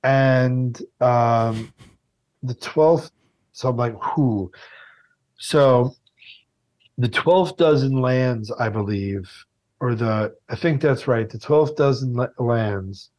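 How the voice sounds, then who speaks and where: A man's voice: mid-range voice, slow pace. A man who hosts TV food shows, telling stories in a casual interview. He swears freely and acts out the other people in his stories. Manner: animated, swearing, acts out voices. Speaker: TV food show host, interview guest.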